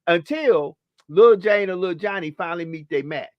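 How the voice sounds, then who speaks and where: A man's voice: high-pitched, expressive, brisk, dry recording, lo-fi sound. A man hosting a talk show, emphatic and lecturing, repeating phrases to drive his points home.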